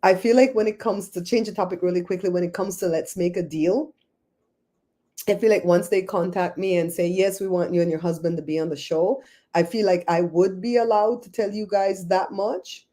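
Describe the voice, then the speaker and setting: A woman's voice: lowish voice, moderate pace, dark tone. A woman hosting a casual livestream, chatting with viewers by name and laughing often. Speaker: livestream host.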